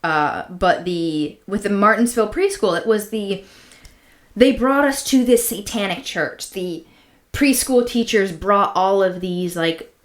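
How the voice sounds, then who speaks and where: Podcast co-host, woman, lowish voice, tired and punchy, dry swearing humor. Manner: wry, sweary, self-deprecating. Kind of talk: casual chat.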